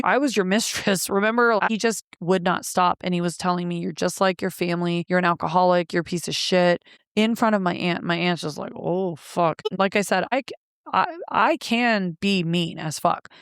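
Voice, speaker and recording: A woman's voice: fairly low pitch, moderate pace, clean tone, no room sound, clean studio sound. A woman, an interview guest, bluntly retelling a painful personal story with frequent profanity.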